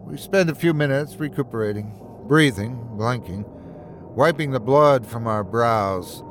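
A man narrating a first-person horror story in a measured, steady storytelling voice. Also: medium pitch, a little hiss or hum.

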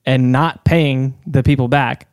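A man's voice: mid-range voice, steady tone, a little slow, darkish tone, smooth, dry recording, studio quality. A man casually telling a history story on a podcast, laughing often and acting out the subject's lines.

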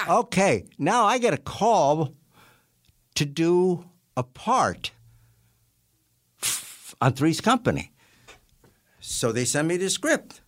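A man's voice: a little high, slow, pauses often, no room sound. Old guy in his 80s spinning showbiz yarns, voice jumps all over, dry close mic. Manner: animated storyteller who acts out voices and laughs often. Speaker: guest, character actor. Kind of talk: anecdotal interview storytelling.

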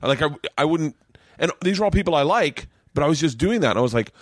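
A man's voice: medium pitch, fast talker, dry recording, studio quality. A male comedian hosting a podcast, telling chatty anecdotes and acting out the dialogue. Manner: chatty storyteller, acts out dialogue in his anecdotes. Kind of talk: casual podcast chat. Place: small home studio room.

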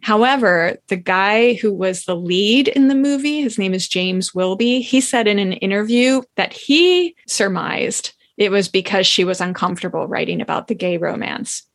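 A woman's voice: medium pitch, normal speed, few pauses, no echo. Chatty woman podcast host. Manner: chatty, animated retelling with acted-out quotes. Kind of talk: casual chat.

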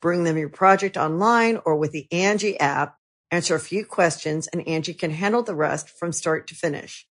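An upbeat woman reading an advertisement in a slightly low voice. She sounds enthusiastic and personal as she delivers the read. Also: moderate pace. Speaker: ad reader.

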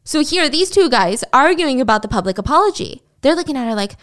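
A woman hosting a podcast, telling a story in a casual, animated and indignant way. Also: sits high, fast talker. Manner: animated, indignant, acts out quotes. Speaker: podcast host.

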